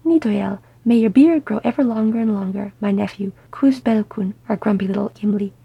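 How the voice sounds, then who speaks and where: A woman's voice: fairly high pitch, fairly quick, creaky, husky, no room sound, highs cut off. A woman voicing a boisterous, slightly drunk old male dwarf healer who roars effusively.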